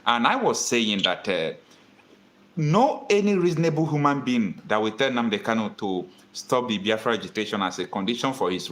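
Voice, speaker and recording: A man's voice: mid-range voice, fairly bright tone. A Nigerian man hosting a call-in political talk show, earnest and repeating his points for emphasis. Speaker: host taking callers.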